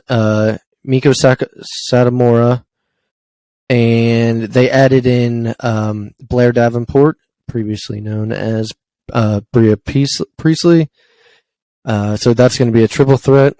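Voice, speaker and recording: A man's voice: medium pitch, mellow, no room sound, low-quality recording. Rambling man on a dry podcast mic. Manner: rambling with frequent ums and uhs. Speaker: podcast co-host. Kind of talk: casual wrestling news chat.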